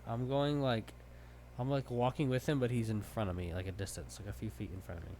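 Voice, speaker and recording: A man's voice: medium pitch, steady tone, dark tone, a little hiss or hum. A man playing a hypothetical scenario, answering tersely and laying out his moves step by step. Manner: terse, deliberate, plans step by step. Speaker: player. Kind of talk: casual game chat.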